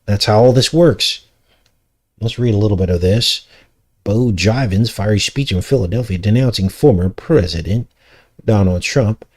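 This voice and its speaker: A man's voice: on the low side, moderate pace, darkish tone. A man giving casual, sarcastic commentary while reading news stories aloud. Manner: sarcastic, mocking asides.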